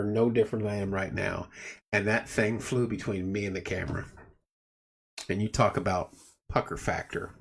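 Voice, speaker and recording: At night in a room at home, a man hosts a relaxed livestream, wandering through stories and greeting viewers by name. His voice is fairly low, gravelly and husky, and he speaks at a moderate pace.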